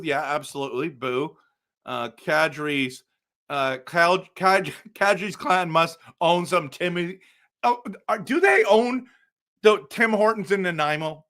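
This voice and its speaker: A man hosting a casual live stream for viewers, excitable and exasperated, breaking into loud outbursts. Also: fairly high pitch. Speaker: livestream host.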